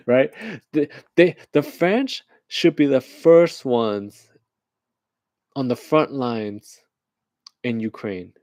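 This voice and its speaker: Slow-talking joking American man. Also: medium pitch, a little mellow, no echo. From United States. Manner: rambling, joking, laughs at his own jokes. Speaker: livestream commentator. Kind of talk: casual current-events commentary.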